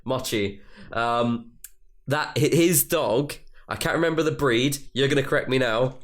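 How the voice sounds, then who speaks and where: A man's voice: mid-range voice, measured pace. A man co-hosting a casual podcast, joking and teasing his friend in a playful way. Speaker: podcast co-host. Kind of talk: casual chat.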